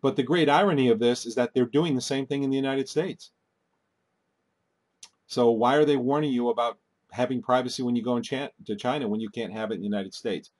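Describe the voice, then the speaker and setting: A man speaks in an urgent, warning tone as he hosts his own commentary video. His voice sits at an ordinary middle pitch. He often breaks off mid-word and starts over. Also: fairly quick, darkish tone. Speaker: video host. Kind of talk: casual commentary.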